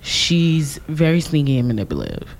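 A woman co-hosting a casual podcast, her voice sitting a little low. She argues her point with passion and swears freely. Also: wildly swooping pitch, normal speed, vocal fry, a little hiss or hum. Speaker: podcast co-host. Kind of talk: casual chat.

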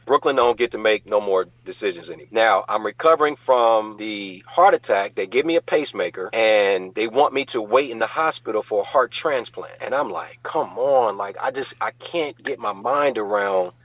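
A man's voice: on the low side, normal speed, hardly any pauses, no room sound, dull audio. A man, a guest on an interview show, telling a personal story in casual talk and acting out the voices of people in it. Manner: animated, acts out quoted voices.

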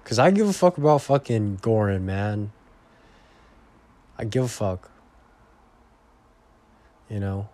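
A man's voice: fairly low pitch, very animated, slow pace, pauses often, dark tone. A young man vlogging in a rambling, profane casual monologue that often trails off into mumbles.

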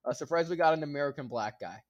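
A man hosting a casual podcast chat, talking in a profane, animated way with mock-outraged rants. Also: a little high, fast, lo-fi sound. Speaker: podcast host. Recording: poorly placed mic, variable level.

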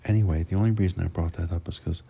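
Deep gravelly man rambling crudely. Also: heavy background noise. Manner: rambling, crude and profane, frequent restarts. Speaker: truck driver. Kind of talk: casual rambling storytelling monologue.

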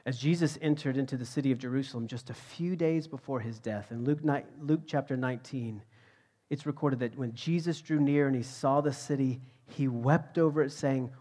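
Preacher with loud and whispered swings. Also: male voice, mid-range voice, normal speed. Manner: dynamic, swings from loud emphasis to hushed whispers. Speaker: pastor. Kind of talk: sermon.

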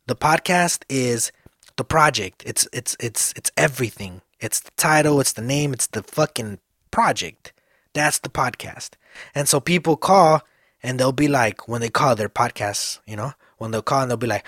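A man's voice: medium pitch, animated, moderate pace, fairly bright tone, no room sound, studio quality. A man in his thirties hosting a solo podcast, rambling casually, cursing often and restarting his sentences. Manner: rambling, swears a lot, many restarts.

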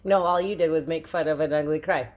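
A woman with a notably deep, low voice chats on a casual podcast. She rambles through a story with plenty of fillers and throwaway jokes, loose and unpolished. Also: fairly even intonation, fast, darkish tone, muffled recording. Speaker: podcast co-host.

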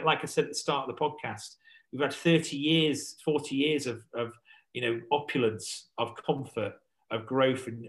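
A man's voice: mid-range voice, fairly bright tone, rough recording. Guy waffling on a podcast, loads of fillers and restarts. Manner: rambling, lots of fillers and restarts. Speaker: podcast guest, survival instructor. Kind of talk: casual podcast chat.

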